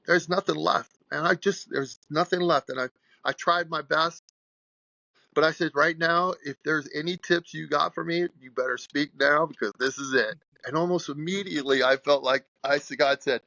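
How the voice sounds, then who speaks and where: A man in his sixties, a guest strength coach, telling an animated, rambling story in a podcast interview. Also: on the high side, creaky, no room sound, dull audio. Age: 60s.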